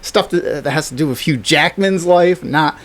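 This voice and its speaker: A man co-hosting a casual chat, telling a story with lots of swearing, laughter and excited reactions. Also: on the high side, normal speed. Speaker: podcast co-host.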